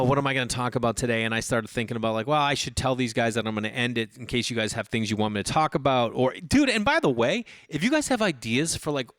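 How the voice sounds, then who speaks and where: A man's voice: medium pitch, no echo, clean studio sound. Rambling man telling a casual story. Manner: rambling, animated storytelling with swearing and many restarts. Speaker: podcast host.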